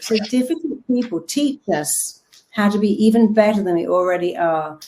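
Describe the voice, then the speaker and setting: A woman's voice: mid-range voice, expressive, moderate pace, warm tone, a little hiss or hum. A middle-aged woman therapist giving a motivational talk, telling stories with animation and acting out the voices she quotes.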